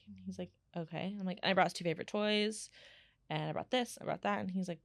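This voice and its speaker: A woman's voice: on the low side, fast talker, creaky, no room sound. Chatty woman podcast host, dry close sound. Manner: chatty, animated storytelling with many fillers. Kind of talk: casual solo podcast chat.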